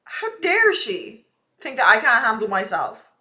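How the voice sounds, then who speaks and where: A young woman with a slightly high, bright voice ranting to her chat. She talks casually, full of swearing. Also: huge pitch swings, unhurried. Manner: profane, ranting, chatty. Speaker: streamer. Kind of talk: casual live-stream chat.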